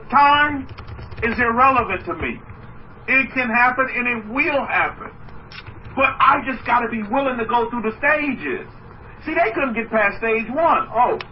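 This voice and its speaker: A man preaching a sermon as a rabbi, animated, trading mock voices and asides with his listeners. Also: high-pitched. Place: room with listeners. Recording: muffled distant mic with faint noise.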